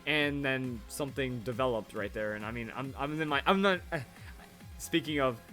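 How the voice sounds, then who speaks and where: A man's voice: mid-range voice, normal speed, bright, forceful tone, soft background music. A man in his twenties chatting casually over his old videos, rambling and repeating himself with verbal tics. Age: 20s. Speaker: Pokemon YouTuber.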